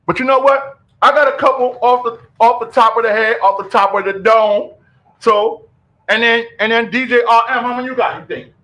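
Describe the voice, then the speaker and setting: Radio host guy, real high voice, loud and lively, lots of "yo". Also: low-quality recording. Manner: animated, loud, quick repeated calls of "yo". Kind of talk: casual radio chat.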